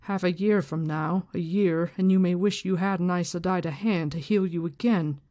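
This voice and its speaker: A reader voices a stern, powerful woman leader from a fantasy novel, calm, commanding, firm, and unhurried. Her mid-pitched delivery is measured line by line and only lightly acted, with little put-on voice.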